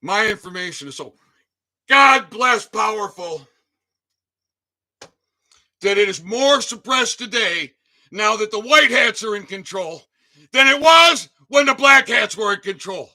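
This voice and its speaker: A man hosting his own channel, delivering a fervent rant full of hammering rhetorical questions, often shouting, his voice cracking with emotion. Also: high-pitched, animated, a little slow, pauses often. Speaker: channel host. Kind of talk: impassioned livestream rant.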